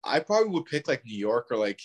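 A man's voice: mid-range voice, big pitch swings, quick pace. A young man from Ontario, a podcast guest musing in easygoing casual chat. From Ontario, Canada.

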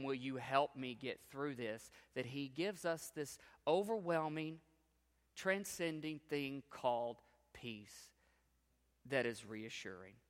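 A man preaching a sermon as a pastor, emphatic, swinging between soft low drops and rising peaks. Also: long reverb tail.

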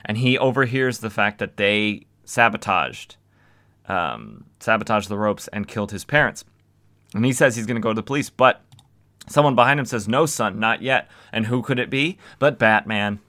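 A man's voice: lowish voice, normal speed, bright, forceful tone. A young man casually recapping old comics as a podcast host, with wry, sarcastic asides.

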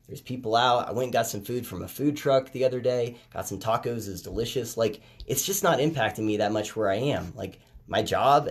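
A man hosting a casual commentary podcast, talking conversationally and getting animated when he makes a point. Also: mid-range voice. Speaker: podcast host. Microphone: headphones with phone recording.

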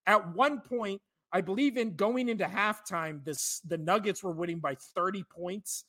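Ranting on the sports podcast he co-hosts, a man in his thirties or forties lets out profane, exasperated outbursts. His high voice is bright and forceful, and he doesn't hurry.

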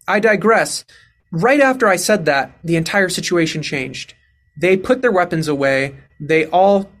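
A man recounting a personal story in an earnest, self-assured, steady way. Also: a little high. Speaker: interviewee.

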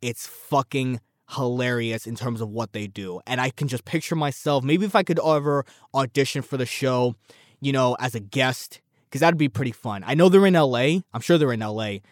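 A man hosting a solo commentary podcast, rambling and animated, swearing freely as he talks. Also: medium pitch, normal speed, dry recording, studio quality. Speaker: podcast host.

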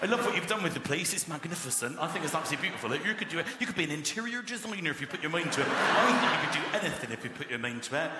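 A man's voice: a little high, lively intonation, racing, few pauses, heavy background noise, lightly acted. Man doing a gushing little terrier dog with a Norfolk accent. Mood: adoring. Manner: gushing, sweet, overeager. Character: adoring little male terrier dog, devoted and anxious. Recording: echoey venue with loud crowd laughter.

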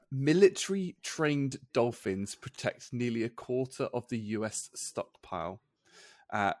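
A man's voice: medium pitch, dry recording. A man co-hosting a podcast, chatty as he reads out odd facts. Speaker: podcast co-host. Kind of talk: casual podcast chat. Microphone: podcast mic.

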